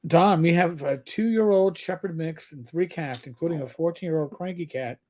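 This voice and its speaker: A man co-hosting a casual livestream chat, an animated storyteller who often restarts his sentences and reads viewer comments aloud. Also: on the high side, normal speed. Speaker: livestream co-host.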